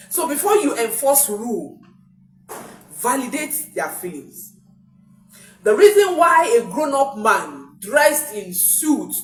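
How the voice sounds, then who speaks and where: A woman coaches parents in an emphatic talk, driving points home by repeating them. Her fairly high voice swings widely in pitch. She sits back from the mic in an echoey room, with soft music underneath. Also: distant mic. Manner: emphatic, repeats key phrases. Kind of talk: motivational talk.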